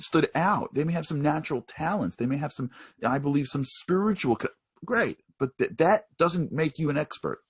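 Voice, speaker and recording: A man preaching a sermon in an animated, conversational storytelling manner. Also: a little high, breathy edge, dry recording.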